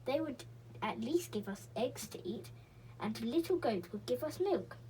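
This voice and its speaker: A woman's voice: on the high side, lively intonation, moderate pace, dark tone, recorded from a distance, slight background noise, natural voice, poor audio. A woman reading as fretful scolding mother. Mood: wistful.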